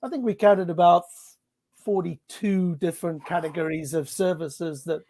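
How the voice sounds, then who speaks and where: High-voiced Northeast English man. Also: fairly even intonation, moderate pace, dark tone. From Northeast England. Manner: hesitant, repeats words, good-humored. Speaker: guest. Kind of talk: interview conversation.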